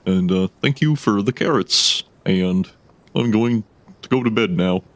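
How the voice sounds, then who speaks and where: A man's voice: on the low side, unhurried, no room sound, lightly acted. Man voicing a sleepy easygoing horse. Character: tired, easygoing male horse.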